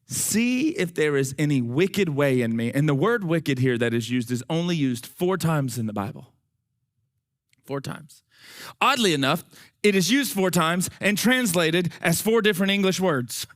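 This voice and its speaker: Talking directly to his congregation, a preacher delivers an animated, folksy sermon at an unhurried pace. His slightly high voice is turning hoarse and he sounds out of breath.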